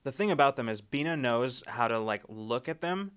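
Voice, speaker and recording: A man's voice: medium pitch, expressive, moderate pace, fairly bright tone, clean tone. A man narrating a tabletop game as game master, rambling with many restarts and fillers.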